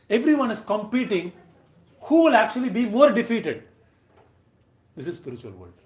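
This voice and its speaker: A man giving a devotional lecture, emphatic, swinging between loud and soft phrases and briefly chanting verses. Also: high voice, roomy sound.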